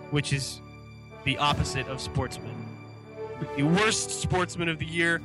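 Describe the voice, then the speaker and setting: A man's voice: a little high, a little slow, music in the background. A man co-hosting a sports podcast, chatting casually and easygoing as he runs through awards with his friend. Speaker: podcast co-host.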